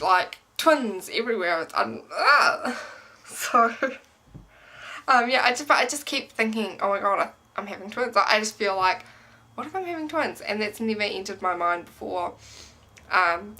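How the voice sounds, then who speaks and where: In a casual vlog about her pregnancy, a young woman talks to the camera in a bright, forceful, medium-pitched voice. She rambles a lot and leans heavily on "um" and "like."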